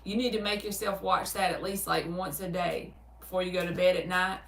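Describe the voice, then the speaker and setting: A woman's voice: lowish voice, a little fast, vocal fry, recorded from a distance. A woman with a Southern US accent chatting casually on a livestream, reading out viewer comments and answering them with easy laughs. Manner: laughs easily, animated storytelling. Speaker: tarot reader hosting a livestream. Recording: roomy sound, speaker away from the mic.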